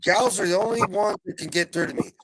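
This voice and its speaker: A man on a live panel chat, talking in a vulgar, loud, abrasive way as he tells stories. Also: high voice, fast talker, poor audio. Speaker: regular panelist.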